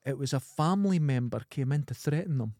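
Scottish man telling animated stories. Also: mid-range voice, brisk, dry recording, studio quality. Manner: animated, acts out people in his anecdotes. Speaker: podcast co-host. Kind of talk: casual storytelling chat.

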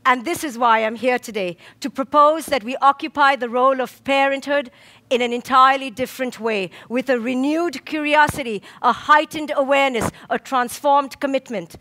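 Here a woman clinical psychologist gives a motivational talk at a slow, emphatic pace, marked by rhythmic lists and dramatic pauses. She has a high-pitched voice with a sharp tone.

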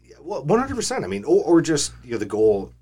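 A man's voice: a little high, wildly swooping pitch, brisk, mellow, breathy edge. A man, a game designer, talking earnestly and reflectively in a casual podcast studio chat. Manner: earnest, reflective, many restarts.

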